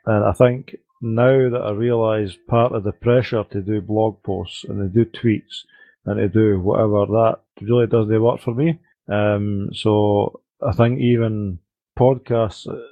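A man talks through a casual podcast conversation, wandering off track and filling gaps with ums. His voice is gravelly with a husky edge. The sound is dry and close. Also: on the low side, fairly even intonation, measured pace, dry recording, narrow, tinny audio. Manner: rambling, self-interrupting with ums. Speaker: podcast co-host. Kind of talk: casual chat.

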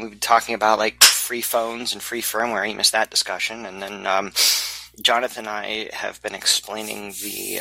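A man's voice: fairly low pitch, creaky, bright, forceful tone, dry recording, poor audio. A man in a casual group chat, talking in a chatty, teasing way.

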